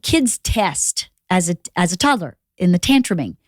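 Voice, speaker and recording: A woman's voice: on the low side, very animated, moderate pace, no echo, clean studio sound. A woman in her forties, a mother co-hosting a podcast, telling parenting stories in an earnest, reflective way. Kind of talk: casual podcast chat.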